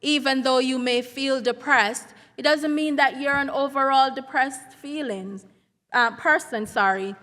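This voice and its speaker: A middle-aged woman, a school counselor giving an earnest, measured symposium speech. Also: high-pitched, a bit bright. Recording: reverberant hall sound.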